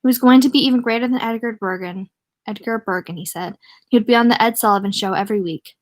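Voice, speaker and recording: A woman reading a novel aloud casually, stumbling on words and stopping to comment. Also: fairly high pitch. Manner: stumbling, pauses to comment and laugh. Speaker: reader.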